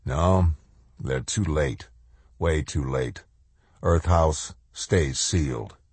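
A man's voice: rumbling low, very slow, darkish tone, slightly rough, no echo, exaggerated voice. A man voicing a rigid, haunted army colonel who speaks in a clipped, subdued way. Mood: grim. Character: rigid haunted middle-aged male colonel.

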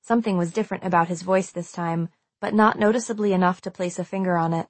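A woman's voice: on the low side, fairly even intonation, fast, hardly any pauses, no echo. A woman reading a first-person audiobook aloud, telling a tense and suspenseful story. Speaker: audiobook narrator.

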